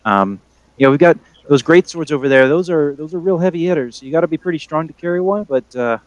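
A man's voice: a little high, animated, fast, dry recording, lo-fi sound, lightly acted. A man voicing a mildly annoyed female sword seller, casually talking up her blades. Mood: salesy. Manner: casual sales talk.

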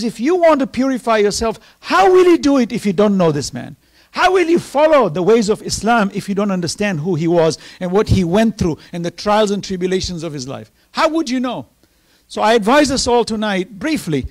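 A middle-aged man telling personal stories with emotion in an earnest sermon, reciting scripture at times. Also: high voice. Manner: emotional, earnest storytelling, reciting Quranic verses. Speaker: speaker at a Ramadan program.

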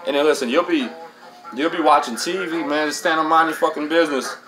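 A man's voice: a little high, steady tone, fast talker, over music, low-quality recording. A middle-aged man hosts a casual storytelling monologue, streetwise and profane, dropping "man" into nearly every line. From Texas. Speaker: host.

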